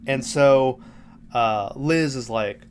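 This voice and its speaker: This is a man with a smooth, clear voice at a middle pitch. He retells a film scene by scene in an easygoing, rambling way, dropping profanity and small laughs. He sounds like a relaxed podcast host chatting rather than reading. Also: takes it slowly. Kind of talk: casual movie recap.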